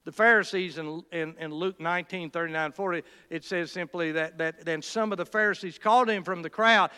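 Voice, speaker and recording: Preaching fervently and a little fast with hardly any pauses, a man speaks in a smooth, resonant, sharp-toned voice that stays steady but rises high to hammer points home. He often halts and begins phrases again as the sermon builds, and a large hall's long reverb fills the sound.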